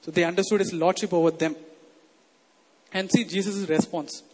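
A man with a high voice preaches in a big hall, and his words ring out with a long reverb. He talks in a conversational way and keeps putting questions to the congregation. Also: steady tone, moderate pace, darkish tone. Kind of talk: sermon.

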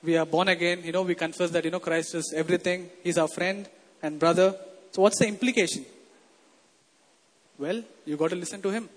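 A man with a high voice preaches in a big hall, and his words ring out with a long reverb. He talks in a conversational way and keeps putting questions to the congregation. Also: steady tone, a little fast. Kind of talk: sermon.

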